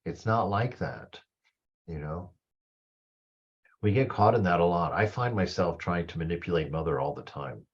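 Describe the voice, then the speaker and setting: A man's voice: sits low, animated, moderate pace, pauses often, breathy edge, muffled recording. A man giving a reflective spiritual talk about a book, musing in a conversational way and often saying "you know". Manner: conversational, musing, leans on 'you know'. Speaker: spiritual teacher.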